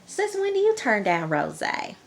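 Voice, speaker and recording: A woman voicing a worried middle-aged mother with a Southern country twang, speaking high and earnestly. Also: wildly swooping pitch, normal speed, gravelly, a little hiss or hum, exaggerated voice. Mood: teasing.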